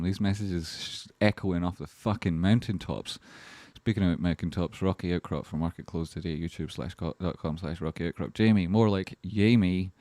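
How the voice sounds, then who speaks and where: A man's voice: deep voice, a little mellow, no echo. A British man hosting a stock market live stream, talking bluntly, swearing constantly and replying to his chat.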